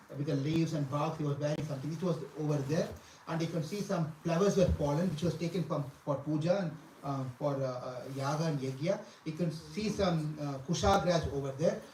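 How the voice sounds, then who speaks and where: A man leads a devotional scripture class, chanting verses and explaining each one. His voice sits a little high and he often repeats lines and questions his listeners. He is recorded from a distance in an echoing hall with a faint background hiss. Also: darkish tone. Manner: chants Sanskrit verses, then explains with repetition and questions to the audience. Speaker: scripture teacher. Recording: echoey room, from far off.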